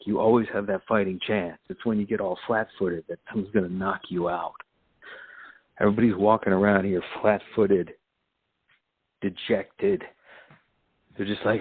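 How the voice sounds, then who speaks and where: A man's voice: lowish voice, slightly rough, dry recording. Profane, preachy man on a lo-fi line. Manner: profane, laughs often, preachy. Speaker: podcast host. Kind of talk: rambling monologue. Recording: phone-like lo-fi sound, dry.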